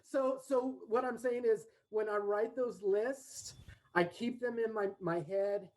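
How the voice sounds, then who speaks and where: A man's voice: high-pitched, steady tone, measured pace, a little mellow, rough recording. A man, a podcast guest who talks cheerfully and laughs often. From Southern California. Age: late 40s. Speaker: guest, English teacher. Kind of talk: casual podcast interview.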